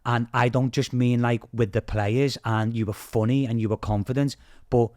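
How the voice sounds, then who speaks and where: British guy on a podcast, chatty and animated, swearing and doing everyone's voices, middle pitch, dry sound. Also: normal speed, no room sound. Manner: animated, swears freely, acts out quoted voices. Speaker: podcast guest. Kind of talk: casual storytelling.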